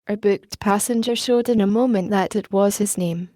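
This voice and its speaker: A woman narrating a classic novel in a steady, measured storytelling manner. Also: mid-range voice, no room sound, clean studio sound. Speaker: audiobook narrator.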